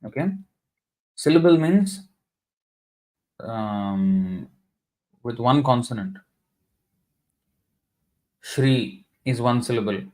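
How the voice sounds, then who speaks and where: A middle-aged man teaching a scripture class, reading verses and explaining them step by step with many ums and restarts, sometimes chanting lines slowly. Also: mid-range voice, a little mellow.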